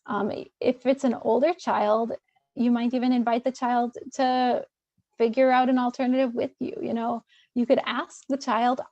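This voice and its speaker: A woman's voice: a little high, little pitch movement, normal speed, darkish tone, no room sound, dull audio. A woman therapist presenting a webinar in a loose, conversational way, with many fillers and restarts.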